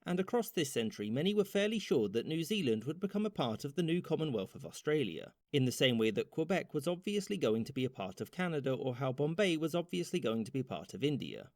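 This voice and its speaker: A man narrating a short animated history explainer with wry, brisk timing. His pitch swings widely through each sentence. The sound is close and dry, with no room around it. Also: no echo. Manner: wry, brisk, lively intonation. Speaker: documentary narrator. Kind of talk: scripted narration.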